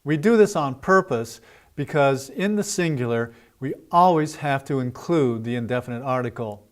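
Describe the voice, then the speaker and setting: A man giving a teacher-training lesson, speaking in a loose, conversational way with "uh" fillers and modeling drill phrases slowly and deliberately. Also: mid-range voice, expressive. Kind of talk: instructional talk to teachers.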